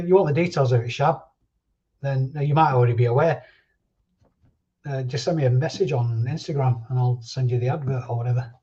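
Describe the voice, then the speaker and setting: A man hosts a loose live stream chat, answering viewers as he goes. His voice is mellow and low in the treble, and the stream audio sounds a little dull and lo-fi. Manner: chatty, answers viewer comments and drifts between thoughts.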